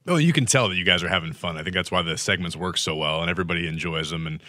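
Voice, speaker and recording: A man's voice: deep voice, very fast, bright, forceful tone, no echo, studio quality. A man interviewing a guest with wry, joking asides. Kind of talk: casual interview.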